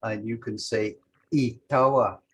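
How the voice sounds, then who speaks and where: A man's voice: on the low side, steady tone, unhurried, a bit bright, husky, rough recording. A man teaching a language lesson over a video call, methodically walking through example sentences step by step.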